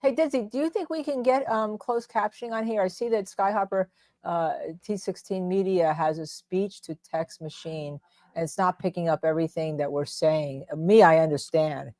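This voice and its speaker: A woman's voice: on the low side, normal speed, mellow, no echo. A woman with a New Jersey accent hosting live legal commentary, talking indignantly with stumbling restarts. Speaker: host.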